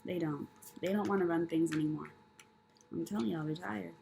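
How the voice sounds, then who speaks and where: A woman's voice: on the low side, steady tone, fairly quick, vocal fry, background noise. A woman reading tarot cards in a casual monologue, delivering blunt, profane tough love with emphatic repetition and rhetorical questions. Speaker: tarot reader.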